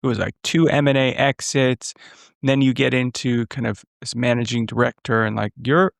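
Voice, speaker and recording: A man with a gravelly, creaky voice hosts an interview in a loose, chatty way. The recording is dry and close. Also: medium pitch, steady tone, normal speed, no echo. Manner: loose, chatty, many "you know"s. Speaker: podcast host. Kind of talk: casual interview chat.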